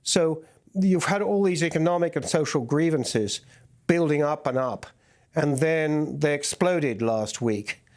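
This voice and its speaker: A foreign correspondent giving a news interview, explaining events in a measured way with frequent fillers and restarts. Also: male voice, fairly high pitch, a little mellow. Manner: reporting in a measured way with many fillers.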